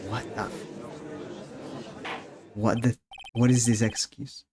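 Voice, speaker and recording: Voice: medium pitch, flat delivery, takes it slowly, long pauses, a little mellow, slight background noise. A streamer reading a game aloud with casual, amused commentary. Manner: casual, amused asides between read lines. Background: faint game music.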